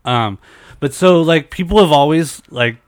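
A man's voice: a little high, lively intonation, unhurried, no room sound, studio quality. A young adult man with a nasal, stuffed-up voice, hosting a podcast in casual chat, rambling and swearing with many fillers. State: stuffed-up nose from a head cold. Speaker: podcast host.

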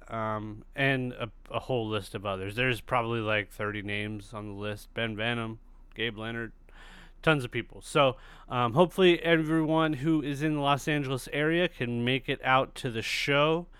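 Male podcast host, loose and profane, clear and smooth tone. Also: mid-range voice, pushed and bright, no echo. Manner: rambling, loose and profane, with many fillers. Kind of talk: casual podcast chat.

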